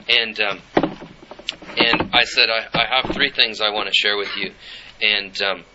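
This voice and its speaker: A middle-aged man preaching a sermon, telling a personal story and reading scripture in an earnest way. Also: medium pitch. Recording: dull lo-fi with faint noise.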